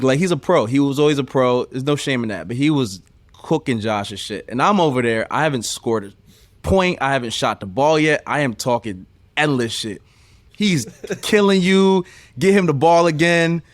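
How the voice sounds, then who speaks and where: A man co-hosting a podcast, telling a story with lots of profanity in a lively way. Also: mid-range voice, brisk, no echo. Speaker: podcast co-host, ex-player. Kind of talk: casual chat.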